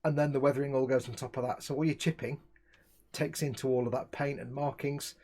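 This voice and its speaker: A man's voice: mid-range voice, steady tone, brisk, darkish tone, breathy edge. A man hosting a casual live-stream chat, explaining things at length and joking around. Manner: chatty, explains at length, jokes. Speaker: host.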